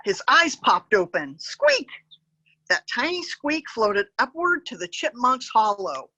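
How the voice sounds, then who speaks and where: Slow, bright-voiced woman reading to kids. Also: fairly high pitch, very animated, slight background noise, poor audio. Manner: gentle, adds animal sound effects and points to pictures. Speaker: park educator. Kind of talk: reading a picture book aloud to children.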